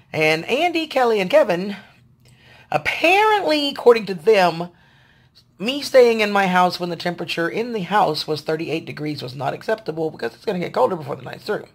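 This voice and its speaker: A woman, venting to her viewers in a casual video diary, sounding tired and frustrated. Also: on the low side. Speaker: vlogger.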